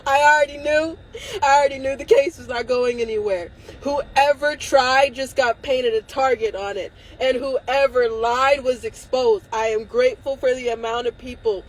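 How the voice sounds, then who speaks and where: Her voice fairly high, a livestream host launches into an angry, defiant rant laced with swearing, at points laughing through tears. The recording is rough.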